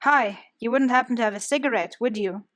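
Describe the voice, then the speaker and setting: A woman's voice: on the high side, brisk, fairly bright tone, close to an everyday voice. A woman reading an audiobook, voicing an easygoing young male Italian art student. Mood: friendly.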